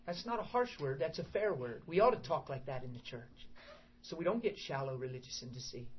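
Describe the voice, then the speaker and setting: A middle-aged man preaching an informal sermon to a small group, emphatic and animated, acting out prayers and quotes as he goes. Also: on the high side, a little fast. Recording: dull lo-fi recording with faint background hiss.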